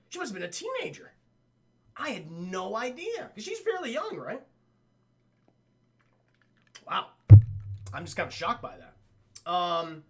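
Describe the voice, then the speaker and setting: A man's voice: high voice, bright, forceful tone. A man streaming a casual cartoon recap, retelling scenes animatedly, acting out lines, swearing and talking to his chat.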